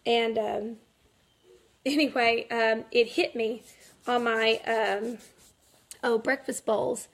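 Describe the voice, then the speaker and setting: A woman's voice: on the high side, steady tone, slow pace, long pauses. A woman in her thirties chatting casually to camera at home, laughing through her story with lots of fillers. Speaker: mother vlogging. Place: home, kids nearby.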